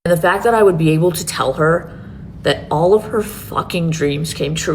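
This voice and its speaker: A woman's voice: fairly low pitch, moderate pace, slight background noise. A woman who founded a beauty brand talks earnestly about its launch and swears freely. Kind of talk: emotional announcement video.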